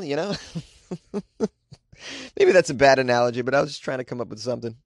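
A man's voice: mid-range voice, animated, moderate pace, pauses often, dry recording, studio quality. An American man hosting a weird news segment, reading stories and mocking them sarcastically, often laughing. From United States. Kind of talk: sarcastic comedic news commentary.

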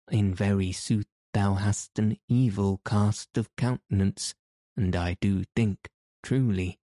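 Man voicing a blustering outlaw forester, archaic threats, low voice, slow delivery. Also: dark tone, no echo, studio quality. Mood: bold. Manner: archaic bragging speech, threatening.

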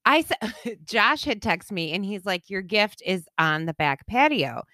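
A middle-aged woman co-hosting a casual chat, expressive and acting out quotes, swearing now and then. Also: mid-range voice, unhurried, no echo, clean studio sound. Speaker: podcast co-host.

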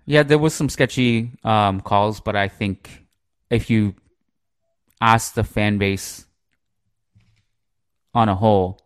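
A man hosting a podcast, speaking with a fairly low voice that sounds close and dry. He talks at length in a loose, rambling way, leaning on "like" and "you know" as he thinks aloud. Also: fairly even intonation, takes it slowly, pauses often, smooth, no echo. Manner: talkative, rambling, heavy use of "like" and "you know". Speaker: podcast host. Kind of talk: casual chat.

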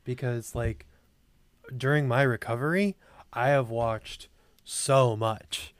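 A young man in a casual podcast chat, his voice still a little worn from recovery. He talks in halting stretches, full of fillers and restarts, at an even middle pitch. The sound is close and dry. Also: clean tone, no echo. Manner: hesitant, many fillers and restarts. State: voice still recovering after a breathing tube. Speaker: podcast co-host.

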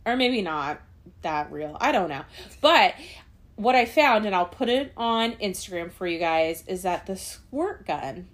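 A woman co-hosting a casual podcast, animated and reflective, with rambling asides. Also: mid-range voice, a little slow. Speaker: podcast co-host. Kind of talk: casual chat about a cartoon.

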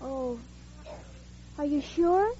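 Squeaky, dim, sweet young roommate, old radio comedy, dull sound. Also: female voice, lively intonation, very slow, noisy background, full character voice. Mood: naive. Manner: breathy, wide-eyed and scatterbrained. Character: dizzy, naive young woman roommate. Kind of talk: 1940s radio comedy acting.

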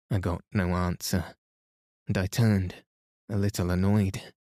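A man narrating a bedtime story for a sleep podcast in a soft, calm, steady manner. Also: sits low, no echo, studio quality.

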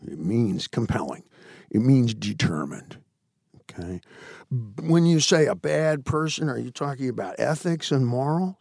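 A man in his sixties, a candid interview guest telling stories with blunt, profane asides, his voice swinging between loud bursts and hushed, low passages. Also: lively intonation, a little slow, creaky, no echo, studio quality. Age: 60s. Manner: blunt, swears freely.

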